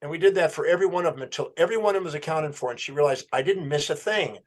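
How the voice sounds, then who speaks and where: A man's voice: fairly high pitch, very fast. A man telling a story as a podcast guest, acting out a client's words and his own questions. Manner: animated storyteller, quoting a client's answers.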